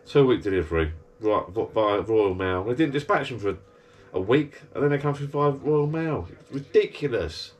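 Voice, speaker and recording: A man's voice: mid-range voice, animated, moderate pace. A man, rambling and grumbling in a casual monologue from his backyard garden bar. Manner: chatty, grumbling rant. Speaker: vlogger.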